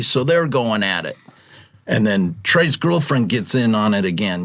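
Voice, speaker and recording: A man's voice: lowish voice, moderate pace, gravelly, no echo, studio quality. A middle-aged man telling a rideshare story in casual chat, acting out passengers' lines as he goes. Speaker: podcast guest, rideshare driver.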